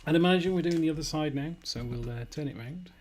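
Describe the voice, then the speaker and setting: A man's voice: on the high side, fast, noisy background. Man muttering while building a model. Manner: rambling, self-mocking, muttering to himself with fillers. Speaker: streamer building a model kit. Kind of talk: casual live-stream commentary.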